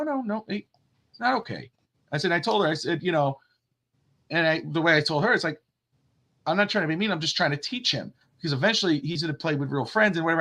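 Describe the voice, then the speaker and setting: Man, middle-aged, casual sports chat, lively storyteller, slightly high voice. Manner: animated storyteller, acts out quotes. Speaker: podcast co-host.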